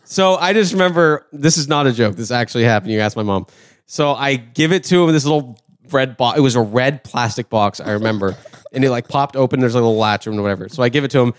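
A man co-hosting a casual podcast, telling a childhood story in an animated way, swearing often and acting out quotes. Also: medium pitch, quick pace. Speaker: podcast co-host.

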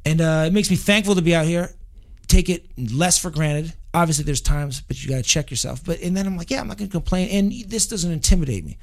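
A man's voice: on the high side, fairly quick. Profane, easygoing man chatting. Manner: swears constantly, says "dude" often. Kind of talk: casual chat.

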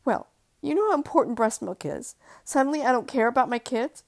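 A woman voicing an overwrought young mother who flares up into shrill outbursts, read from her own novel. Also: animated, fairly quick, creaky. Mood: furious.

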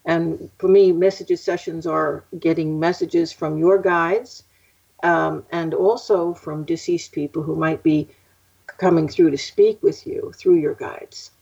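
A woman's voice: low voice, steady tone, a little slow, gravelly, darkish tone, slightly rough. An older woman, a psychic guest, telling stories in a casual interview, chatty and laughing often. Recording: muffled lo-fi audio.

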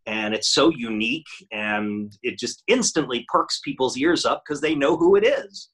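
A middle-aged man, a voice actor, telling relaxed stories in a casual interview and laughing easily. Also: medium pitch, normal speed, husky. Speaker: voice actor guest.

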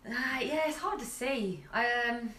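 A woman's voice: on the high side, animated, unhurried, bright, forceful tone, a little hiss or hum. A young woman guest on a podcast, telling stories in a chatty way with lots of fillers and restarts. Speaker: podcast guest, jiu-jitsu fighter. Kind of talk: casual chat, storytelling. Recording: roomy sound from a distant mic.

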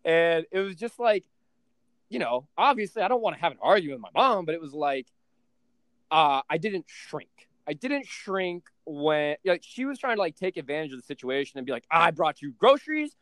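Profane, animated man, higher voice. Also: normal speed, smooth, dry recording. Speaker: podcast host and trading coach. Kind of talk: casual podcast chat.

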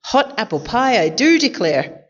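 A woman voicing a terse, stately old great-aunt who speaks slowly in a storybook. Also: fairly high pitch, sing-song, muffled recording, voice pushed up. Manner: slow, measured speech. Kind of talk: storybook character voice.

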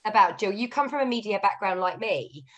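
A woman with a mid-range voice co-hosts a casual podcast. She puts thoughtful, probing questions to her guest and builds them up slowly with fillers. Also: medium pitch, expressive. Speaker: podcast co-host.

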